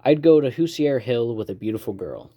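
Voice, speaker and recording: Man calmly reading a novel aloud. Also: medium pitch, brisk, lo-fi sound. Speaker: reader. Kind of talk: first-person novel read aloud.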